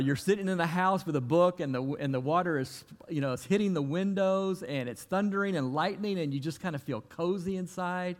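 Man preaching a folksy sermon in a reverberant hall. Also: fairly high pitch. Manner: storytelling, folksy, acts out quoted voices. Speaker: pastor.

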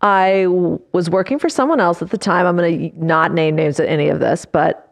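Low-voiced woman telling a story. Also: vocal fry. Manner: measured storyteller, quotes others at length. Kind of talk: casual chat.

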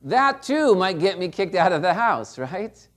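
A man's voice: high voice, sing-song, a little slow, a bit bright. A middle-aged man preaching a sermon in a conversational way, often checking in with the congregation. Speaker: pastor.

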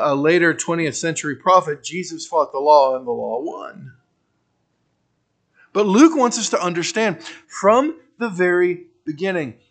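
A man preaching an expository sermon in a conversational way, dropping wry humorous asides and moving between emphatic bursts and quiet trailing phrases. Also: fairly high pitch. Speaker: pastor.

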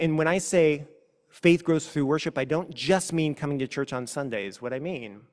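A man preaching a sermon as a pastor, earnest, moving between hushed and forceful passages. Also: a little high. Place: church sanctuary. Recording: long reverb of a church hall.

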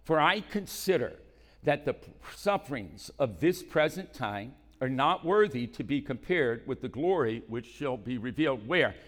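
A male pastor preaching a sermon, moving between calm scripture reading and loud, shouted exhortation in a church. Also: medium pitch, normal speed, few pauses, big-room sound. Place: church hall.

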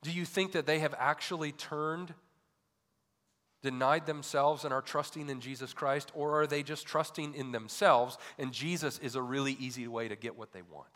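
A male pastor delivering a sermon, asking repeated rhetorical questions and swinging between loud emphatic peaks and quiet low drops. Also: fairly even intonation, moderate pace. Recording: long hall reverb.

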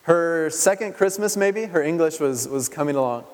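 Male pastor, slightly high voice, chatty sermon style full of rhetorical questions, long church-hall reverb. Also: lively intonation, moderate pace, a little mellow. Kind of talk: conversational sermon.

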